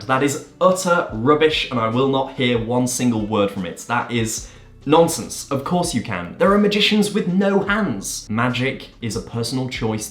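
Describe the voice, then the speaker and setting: An enthusiastic man hosts his own magic channel, answering viewer questions with emphatic energy. His voice sits at an ordinary middle pitch. The recording has a noticeably roomy echo. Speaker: magician and video host.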